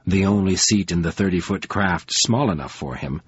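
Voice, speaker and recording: Guy reading an audiobook, slow and deliberate, kinda husky, dull lo-fi sound. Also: deep voice. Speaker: audiobook narrator. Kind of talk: audiobook narration.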